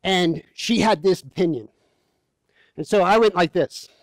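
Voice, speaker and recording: A man's voice: high voice, expressive, measured pace, no room sound. A man preaching as a pastor in a church, telling stories in a conversational, humorous way. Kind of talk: sermon.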